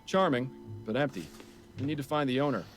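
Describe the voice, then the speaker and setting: A serious, to-the-point detective, voiced by a man in a game. He speaks in a dry, measured, formal way at an ordinary pitch. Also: soft background music, lightly acted.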